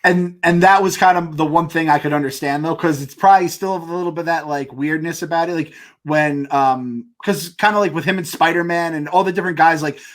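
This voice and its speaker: A man co-hosting a casual podcast, rambling and excitable, swearing often. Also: fairly high pitch, fairly quick, hardly any pauses. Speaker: podcast co-host. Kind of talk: casual chat.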